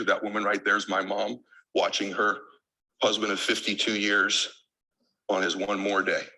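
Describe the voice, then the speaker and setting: A man's voice: low-pitched, sharp tone, rough recording. A man giving an emotional keynote speech as a motivational speaker, emphatic and driven by insistent repetition.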